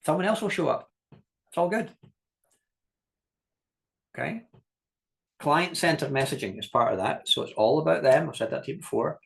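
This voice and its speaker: Man coaching with lively stories. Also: on the high side, moderate pace, gravelly, pauses often. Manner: lively storytelling, acts out quoted voices, laughs often; direct, repeats key points for emphasis. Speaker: business coach. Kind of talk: masterclass teaching talk.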